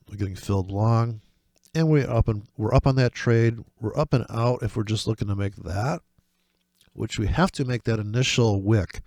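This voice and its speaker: A man's voice: medium pitch, no room sound. Profane rambling man talking charts. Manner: profane, rambling, excitable, mocking asides. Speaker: forex trading vlogger. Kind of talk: casual screen-share chart commentary.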